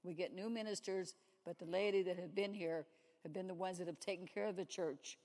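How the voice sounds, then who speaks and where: A woman's voice: on the low side, fairly even intonation, a little fast, a little mellow. A woman giving a sermon-like testimony at a church service, telling stories and acting out the dialogue. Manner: storytelling, acts out dialogue. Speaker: lay speaker at a church service. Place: church sanctuary. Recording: long reverb in a church hall.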